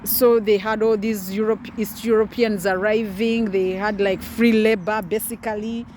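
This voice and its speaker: A woman's voice: medium pitch, fairly even intonation, normal speed, noisy background. A woman in her forties, a doctor, giving an impassioned personal testimony with emphatic repetition. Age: 40s.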